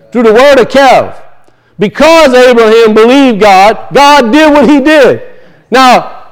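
Captured in a rough recording, a high-voiced, middle-aged male preacher works through his sermon by pressing listeners with one rhetorical question after another, swelling and relaxing his emphasis throughout.

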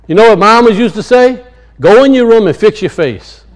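A man preaching a sermon and telling stories, swinging from loud high peaks to low muttered asides. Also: lively intonation, normal speed, poor audio. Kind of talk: sermon with storytelling.

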